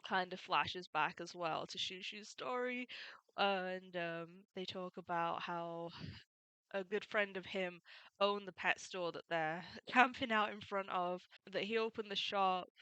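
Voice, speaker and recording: Woman, chatty recap, bright voice, dry close sound, laughs between lines. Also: lowish voice, measured pace, clean tone, no echo. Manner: chatty, laughs often, quotes characters in passing. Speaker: manga reviewer. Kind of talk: casual chapter summary.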